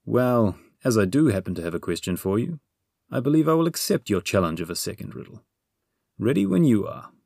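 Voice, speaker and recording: A man voicing a nervous, fussy male wizard in an audiobook, hesitant and full of little pauses. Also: on the low side, sing-song, vocal fry, a little mellow, no echo, clean studio sound, voice pushed up, full character voice. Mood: fidgety. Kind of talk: audiobook character voice.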